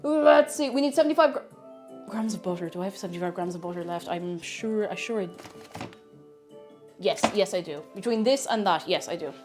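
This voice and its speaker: Irish woman, casual cooking streamer, self-mocking chatter, mid pitch with a bouncy lilt. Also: animated, fairly quick, loud music behind the voice. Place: home kitchen.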